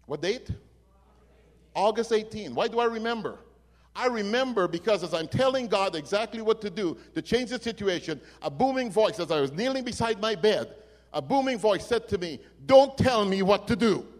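A man preaching in a fairly high voice, moving between hushed and forceful lines as he tells his story. His words ring out with the long reverb of a church hall. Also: expressive, normal speed. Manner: dramatic storytelling, swings from hushed to loud. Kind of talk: sermon.

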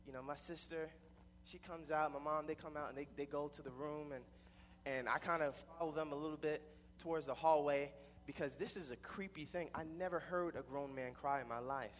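A man's voice: fairly high pitch, big-room sound, a little hiss or hum. Rambling young man telling a story. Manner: rambling, with many repeated restarts. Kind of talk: personal storytelling.

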